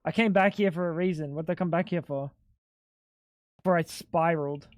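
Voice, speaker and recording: A man livestreaming a game, talking to his chat in an excitable, rambling way and swearing often. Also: on the high side, a little fast. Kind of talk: casual gaming stream chatter.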